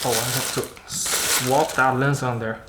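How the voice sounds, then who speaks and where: A man doing a casual unboxing vlog about camera gear, chatting in a halting way and thinking aloud as he handles the lens. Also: medium pitch, flat delivery, very noisy. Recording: roomy echo.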